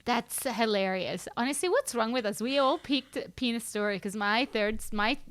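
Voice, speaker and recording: A woman's voice: fairly high pitch, expressive, moderate pace, fairly bright tone. A woman co-hosting a podcast, reading listener stories aloud and giggling through casual chat. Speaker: podcast co-host.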